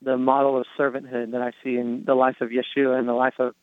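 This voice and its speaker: A man sharing an earnest personal testimony on a faith podcast, telling his story with halting restarts. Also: medium pitch, monotone, dry recording. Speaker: guest. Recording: tinny phone-like line.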